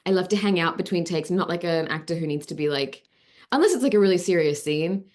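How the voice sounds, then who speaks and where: Young Australian woman, actor guest in an interview, talkative storyteller, asides strung together with "like.". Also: lowish voice. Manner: chatty, animated storyteller, quick asides with "like". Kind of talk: casual interview chat.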